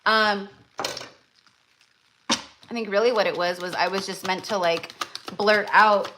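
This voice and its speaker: A woman's voice: medium pitch, fairly even intonation, takes it slowly, pushed and bright, a little hiss or hum. Gushing woman tarot reader. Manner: gushing, effusive, many fillers and restarts. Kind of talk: live-stream tarot reading.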